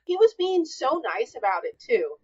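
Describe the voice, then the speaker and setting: A woman co-hosting a podcast with excitable, profane reactions in casual chat. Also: sits high, normal speed. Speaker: podcast co-host. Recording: dull lo-fi mic.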